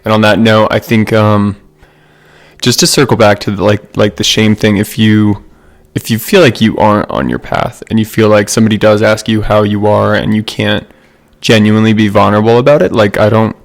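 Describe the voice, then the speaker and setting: Gravelly young man, earnest. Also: lowish voice, brisk. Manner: short agreeing replies, then earnest. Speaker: podcast co-host. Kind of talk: casual reflective chat.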